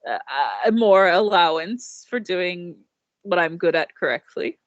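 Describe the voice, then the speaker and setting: A woman voicing a slow, gentle old male turtle monk who speaks politely, with a put-on British lilt. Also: fairly low pitch, no echo, highs cut off, close to an everyday voice. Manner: polite, calls people "dear heart", suddenly British.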